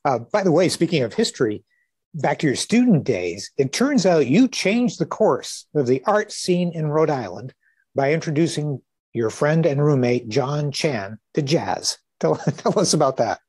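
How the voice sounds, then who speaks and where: A man's voice: fairly high pitch, very animated, normal speed, a little mellow, breathy edge, dry recording. A man hosting an interview, asking friendly questions and introducing stories. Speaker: interview host.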